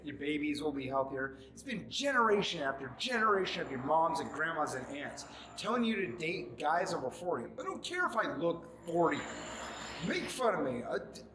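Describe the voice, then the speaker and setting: A man in his forties ranting at the camera, angry and mocking, often shouting. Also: on the high side, big pitch swings, normal speed, reverberant, noisy background. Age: 40s.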